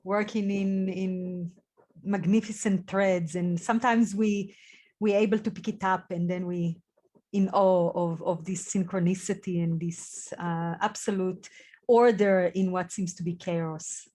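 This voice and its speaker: A woman hosting an interview, speaking in a musing, gently spiritual way. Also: lowish voice, steady tone, a little slow. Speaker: interview host. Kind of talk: casual interview talk.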